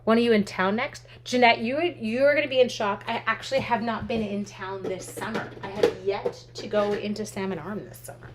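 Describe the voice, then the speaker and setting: Talking a little fast with hardly any pauses, this medium-pitched woman runs a live stream stamping demonstration as a craft instructor. She stays chatty and cheerful, thinking out loud and answering viewers' comments, while steady background noise and clicks play.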